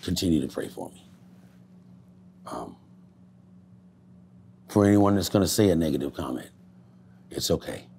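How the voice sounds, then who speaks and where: A man in a candid street interview, speaking in a low-key, reflective way and swearing freely. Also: mellow, breathy edge.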